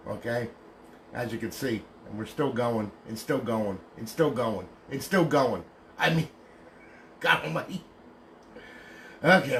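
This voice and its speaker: A man's voice: medium pitch, creaky, sharp tone, slight background noise. Blunt, ranting man on a livestream. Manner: blunt, ranting, ends phrases with "okay?"; swears casually. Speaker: console modder and seller. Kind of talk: casual livestream demonstration.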